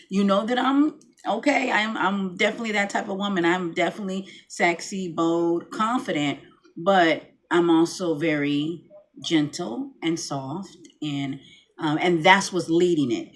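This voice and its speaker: A woman's voice: lowish voice, unhurried. A chatty middle-aged woman vlogs from a dimly lit room at home. She rambles easily, circling back and restarting her thoughts as she talks. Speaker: vlogger. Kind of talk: casual chat to camera. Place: home room, lights dimmed.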